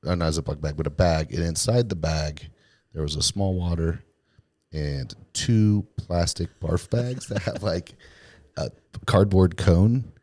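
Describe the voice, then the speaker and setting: A man's voice: sits low, measured pace, a little mellow, no room sound. A man casually telling a long story with a laid-back, rambling manner and plenty of filler words.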